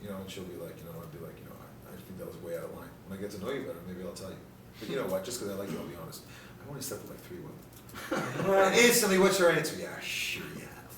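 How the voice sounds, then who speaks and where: A low-pitched man talks at a racing speed while leading a live dating seminar Q&A, brash, profane, joking, and often laughing. A crowd can be heard in the seminar room. The audio is echoey, captured from a distance with audience noise.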